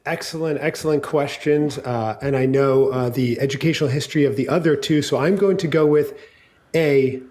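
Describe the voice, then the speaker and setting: A man's voice: mid-range voice, normal speed, darkish tone. A man with a Southern accent, from North Carolina, calling in to a radio quiz and chatting eagerly. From coastal North Carolina. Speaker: caller, quiz contestant. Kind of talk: phone-in chat.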